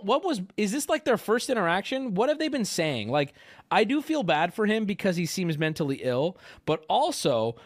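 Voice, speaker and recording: Animated, incredulous male streamer. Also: high-pitched, no room sound, clean studio sound. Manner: animated, incredulous, rambling with restarts. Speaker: streamer host. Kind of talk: live stream reaction chat.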